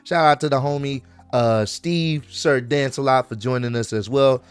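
A man's voice: medium pitch, moderate pace, smooth, dry recording. A man hosting his own channel, casually recapping a wrestling show and animatedly acting out what the wrestlers said. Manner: animated, acts out wrestler quotes. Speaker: wrestling commentary youtuber.

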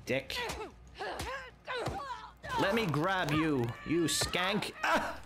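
A man's voice: medium pitch, very animated, slow pace. A man commentating a game as he plays, swearing and exasperated, taunting the enemies on screen. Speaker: let's play gamer. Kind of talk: casual gameplay commentary.

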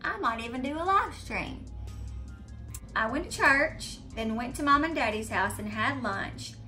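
A middle-aged woman with a Southern US accent telling a story to her viewers in a chatty, animated way. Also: high voice, measured pace, faint music behind. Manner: chatty, animated retelling of a scary event. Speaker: vlogger. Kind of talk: casual storytelling to camera. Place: home, indoors.

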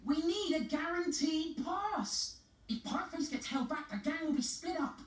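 A bossy, plan-hatching cartoon schoolboy with a high, lively voice. The sound is roomy and heard from a distance, with music behind. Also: female voice. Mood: scheming. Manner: bossy, eager, quick with plans. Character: scheming cartoon schoolboy, leader of the gang. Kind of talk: cartoon voice acting.

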